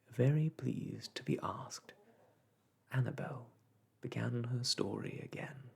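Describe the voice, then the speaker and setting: A storyteller reading a classic children's book aloud in a soft whispered role-play voice. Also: mid-range voice, takes it slowly, vocal fry, slightly rough.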